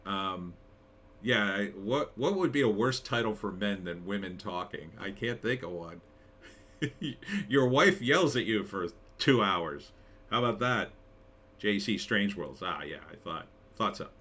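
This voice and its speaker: A man's voice: fairly low pitch, lively intonation, unhurried, sharp tone. Rambling, chuckling male live stream host. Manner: rambling, chuckling, reads chat comments aloud. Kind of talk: casual live stream chat.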